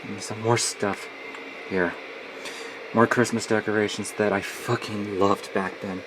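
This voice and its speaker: A man's voice: lowish voice, little pitch movement, a little slow. A man in his twenties vlogging at home in a closet, gloomy and nostalgic, often swearing as he complains. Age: 20s. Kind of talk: casual vlog. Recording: noisy home recording.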